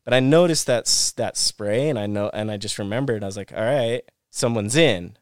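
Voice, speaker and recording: A former pro snowboarder, appearing as a podcast guest, tells a gripping story in a casual interview, animated and full of restarts and repeated phrases. His smooth, lowish voice moves quickly, captured in clean studio sound with no echo.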